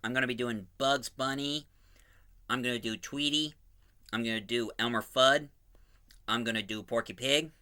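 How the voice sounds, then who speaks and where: Rambling bright-voiced man. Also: medium pitch, normal speed, long pauses, smooth. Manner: rambling, self-correcting, enthusiastic. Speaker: host of a fan audio drama channel. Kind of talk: casual preview talk.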